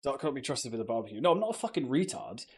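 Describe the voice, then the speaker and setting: A man's voice: medium pitch, big pitch swings, racing, husky. A young British man chatting casually on a live stream, joking with viewers and swearing freely. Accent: British English. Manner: swears a lot, loose and joking, talks to chat.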